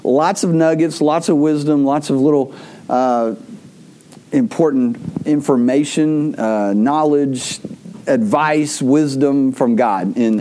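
A man's voice: medium pitch, warm tone. A man preaching a sermon as a pastor, telling stories in a rambling way with frequent restarts.

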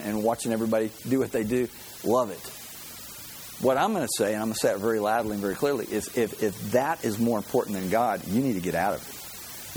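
A man's voice: medium pitch, darkish tone, a little hiss or hum. A man preaching a sermon to his congregation in a conversational way, with frequent restarts and direct asides to listeners. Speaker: pastor.

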